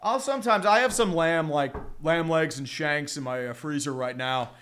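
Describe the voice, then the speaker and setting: A man with a high, bright, sharp-edged voice, chatting loosely on a live stream while he watches a football game. He rambles, curses often, and breaks into quick play-by-play calls. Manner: rambling, profane, chatty with viewers.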